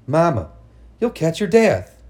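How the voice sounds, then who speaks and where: A man's voice: on the high side, huge pitch swings, unhurried, darkish tone, pitched above the performer's own voice. A man voicing a frightened young girl who pleads tearfully with her mother in a storybook reading. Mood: pleading.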